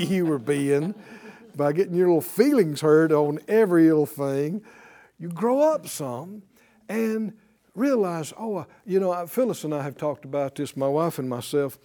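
A man's voice: sits high, warm tone. A middle-aged man preaching a sermon to a congregation, drawing out emphatic phrases and calling for responses. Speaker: pastor.

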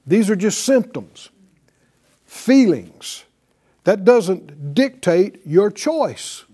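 A man preaching to a class, animated, asking them questions and acting out quotes. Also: sits high, drawn-out words, breathy edge. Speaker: bible teacher.

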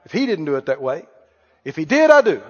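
A man's voice: fairly high pitch, big pitch swings, fast talker, in a large hall, highs cut off. A man preaching a sermon in a church, emphatic and calling out questions for the congregation to answer.

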